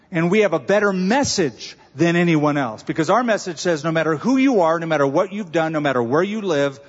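A man's voice: fairly high pitch, husky. A man preaching a sermon as pastor, conversational with humor and emphatic stresses. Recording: dull reverberant sanctuary recording.

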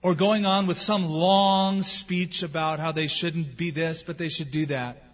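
Pastor preaching in a reverberant hall. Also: male voice, fairly high pitch, steady tone, measured pace, a bit bright. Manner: preaching with acted-out quotes and rhetorical questions. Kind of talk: sermon. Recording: dull sound with long hall reverb.

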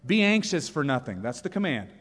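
A man preaching a sermon as pastor, lively and humorous, reading out examples and scripture. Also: mid-range voice, a little fast, husky. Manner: animated, reads quotes with humor. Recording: long reverb of a church hall.

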